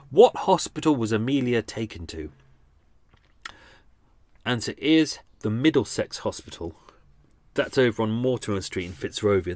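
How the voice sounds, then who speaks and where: Male podcast host, low voice, dry close sound, chatty and rambling. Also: a little mellow, dry recording. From England. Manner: rambling, many restarts and fillers; chatty quiz-giving. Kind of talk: casual unscripted chat.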